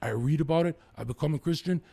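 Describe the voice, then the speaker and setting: Young man, rough husky voice, rambling profane podcast storyteller. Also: a little high, fast, dark tone. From Lower Mainland, British Columbia, Canada. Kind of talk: casual podcast chat.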